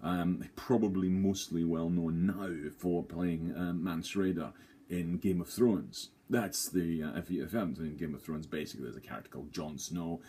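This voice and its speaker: A man with a very low, husky voice talking straight to camera. He rambles and jokes at his own expense, stumbling through fillers as he reviews a play. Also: steady tone, normal speed, dark tone. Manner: rambling, self-deprecating, jokey, many fillers. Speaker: theatre reviewer.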